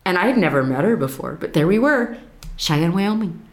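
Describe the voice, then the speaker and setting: An older woman, a former Marine, telling stories from her service in an animated, laughing conversational way. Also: on the low side, fairly quick, echoey room. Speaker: veteran telling her story. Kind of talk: casual storytelling chat.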